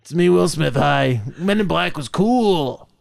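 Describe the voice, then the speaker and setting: A man doing a mopey halting movie-star impression. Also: a little high, expressive, creaky, exaggerated voice. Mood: mock sad. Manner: halting, mumbly, mock-sad.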